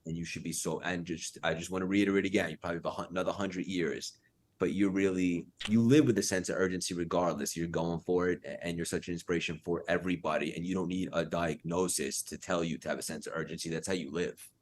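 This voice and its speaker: A man with a very low voice hosts a podcast interview. He speaks earnestly and encouragingly, with an emotional, heartfelt manner. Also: steady tone, fast talker, slight background noise. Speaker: podcast host.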